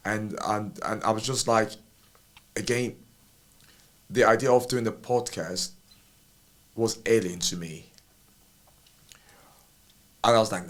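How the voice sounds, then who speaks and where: A man's voice: fairly low pitch, fairly even intonation, normal speed, pauses often, a bit bright. A man co-hosting a podcast, talking in a rambling, self-deprecating way with many restarts. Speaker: podcast co-host. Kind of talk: casual podcast chat.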